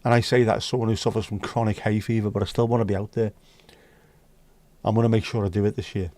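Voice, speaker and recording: A man's voice: on the low side, flat delivery, fast, warm tone, dry recording. A man from the United Kingdom hosting a casual livestream chat, talking bluntly and swearing freely. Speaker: livestream host.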